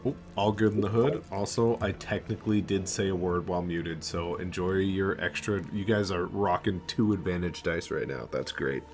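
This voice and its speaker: A man's voice: sits low, moderate pace, few pauses, a little mellow, soft background music. A man narrating as game master of a tabletop role-playing game, chatty and loose with filler words.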